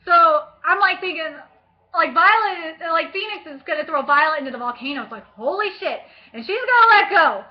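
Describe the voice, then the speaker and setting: A young woman vlogger chatting about a book, gushing and excitable, with lots of fillers and casual swearing. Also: very high-pitched, brisk, dull audio.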